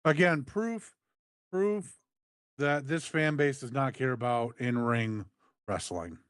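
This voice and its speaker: A man's voice: medium pitch, takes it slowly, fairly bright tone, smooth, no room sound. A man co-hosting a wrestling review show, dry, sarcastic and scornful. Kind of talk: casual review chat.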